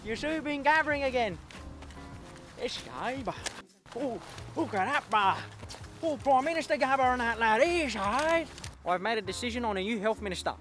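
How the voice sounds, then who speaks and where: A man's voice: very high-pitched, expressive, normal speed, fairly bright tone, faint music behind. A man with an Australian accent playing a brash young eshay street lad who became prime minister, talking in cocky, slangy swagger. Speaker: comedy sketch creator. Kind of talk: comedy sketch character.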